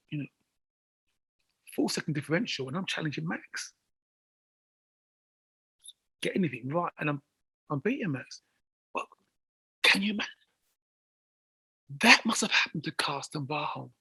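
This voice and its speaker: A man, talking as an interview guest in excitable bursts, repeating words as he builds to near shouts. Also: a little high, gravelly, slightly rough. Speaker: guest athlete. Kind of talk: casual interview chat.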